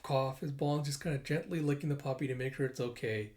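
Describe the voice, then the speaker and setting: A manga reader narrating a comic chapter casually, animated and giggly, reading out sound effects. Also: medium pitch, brisk. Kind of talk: casual comic read-through.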